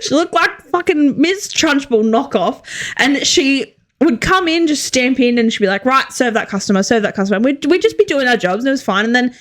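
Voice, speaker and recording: A young woman chats as a podcast co-host. Her voice sits a little high and swings widely in pitch. She laughs often as she tells her stories. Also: animated, normal speed. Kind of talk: casual chat.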